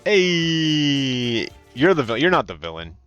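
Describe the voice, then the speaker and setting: Male streamer, profane and lively, with wide swings in pitch; faint music underneath. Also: slow pace, clean tone. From California. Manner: animated, profane, slips into loud mocking voices. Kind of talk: casual gaming commentary.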